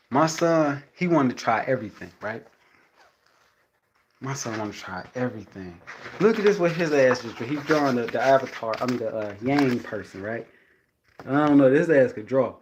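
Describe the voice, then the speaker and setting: A man with a young son talks casually to viewers in a rambling, profane monologue, repeating "you know what I'm saying" and acting out the voices of the people he quotes. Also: slight background noise. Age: adult with a young son. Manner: acts out quoted voices, jumping high and loud. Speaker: vlogger speaking to viewers.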